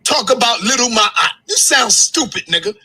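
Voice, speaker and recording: A very high, bright, husky man's voice that rises and falls sharply. He rants angrily on his own livestream, shouting and cursing with heat. The voice stays forceful and strained throughout. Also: expressive, a little fast, low-quality recording. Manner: heated, shouting, cursing, swinging pitch. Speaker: live streamer. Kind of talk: angry livestream rant.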